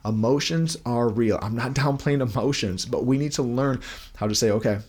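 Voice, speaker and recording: A man's voice: medium pitch, moderate pace, darkish tone, husky. Casual-talking Christian man with questions. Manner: conversational, full of rhetorical questions and "like". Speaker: Christian men's podcast host and father. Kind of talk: casual devotional talk. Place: at home holding his young son.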